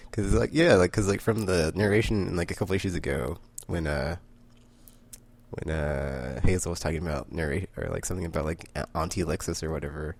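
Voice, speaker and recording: A man's voice: deep voice, steady tone, brisk, a little mellow, no echo. A man casually recapping a comic book issue, rambling with many fillers and frequent laughter.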